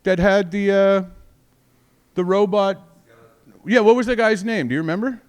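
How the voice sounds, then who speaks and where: A man's voice: high-pitched, normal speed, a little mellow. A man in his forties doing a stand-up comedy set, rambling and profane, constantly mocking himself. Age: 40s.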